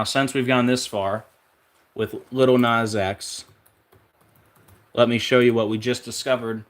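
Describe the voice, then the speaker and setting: Here a fairly bright, medium-pitched male voice runs a casual numerology video. He fires off numbers and their supposed links in quick, conspiratorial fashion, then strays off topic and fills the gaps with ums while he searches aloud, all in a loose, rambling monologue.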